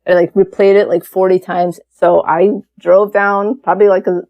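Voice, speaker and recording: A woman's voice: on the low side, flat delivery, moderate pace, lo-fi sound. A woman around fifty, a podcast guest, telling a personal story in a frank, casual way, with swearing and acted-out quotes.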